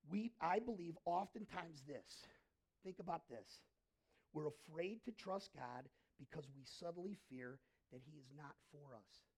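Gravelly, husky-voiced male pastor preaching. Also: on the high side, lively intonation, measured pace. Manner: preaching with frequent questions to the congregation; swings between hushed and emphatic. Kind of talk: sermon.

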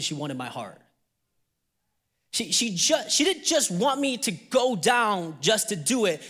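A man's voice: high voice, fairly bright tone, long reverb tail. A young man preaching a sermon as pastor. He tells a candid personal story and then builds to emphatic preaching.

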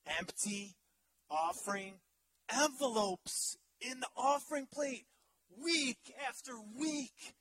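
A male pastor in his thirties preaching a sermon in an animated, humorous way, swinging from loud to hushed. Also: high-pitched, poor audio.

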